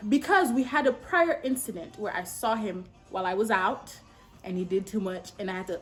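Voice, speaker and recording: A young woman in her twenties tells a dating story at home while she does her makeup. Her delivery is sassy and animated, and she jumps into loud, high outbursts. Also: fairly quick, faint music behind. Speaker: beauty vlogger.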